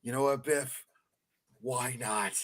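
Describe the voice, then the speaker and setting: A man putting on a meek, nervous pushover who goes along with a bully, soft-spoken and hesitant. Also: medium pitch, fairly even intonation, takes it slowly, noisy background, voice pushed down, close to an everyday voice.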